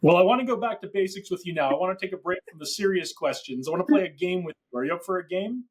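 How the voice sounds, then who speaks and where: A man hosting a podcast interview, asking reflective questions and then running a quick question game with upbeat energy. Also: high-pitched, animated. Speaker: podcast host. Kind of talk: conversational interview.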